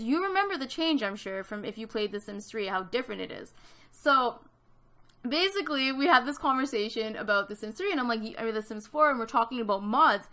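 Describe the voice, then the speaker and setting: A chatty young woman in her twenties tells a rambling personal story while she builds in a game. Her voice sits a little high and sounds bright and forward. She leans on "like" constantly and slips into quoted voices as she talks. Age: 20s. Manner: chatty, animated, lots of "like", acts out quoted voices. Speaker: YouTube Sims builder. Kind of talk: casual storytelling over a speed build.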